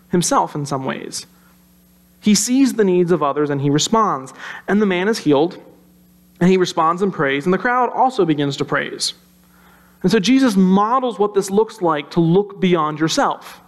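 A man with a high voice preaches a sermon. He talks conversationally and tells the story with animation. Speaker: pastor.

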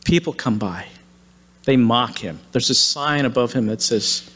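A man's voice: medium pitch, a little slow, fairly bright tone, husky. A man preaching, retelling a story dramatically and acting out the quoted lines. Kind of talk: sermon storytelling. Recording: long hall reverb.

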